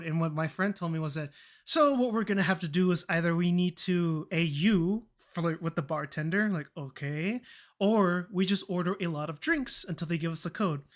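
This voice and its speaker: Young adult streamer, mid-pitched voice, loose chatty storyteller who swears and laughs along, acts out every quoted line. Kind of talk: casual storytelling chat.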